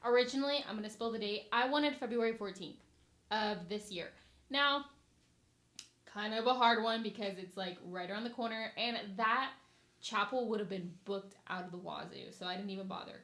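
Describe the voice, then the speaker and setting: A woman's voice: medium pitch, moderate pace. A young woman hosting a casual podcast, talking bluntly and with energy about her wedding plans. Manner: blunt, animated, ranting. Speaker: podcast host, bride-to-be. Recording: echoey room.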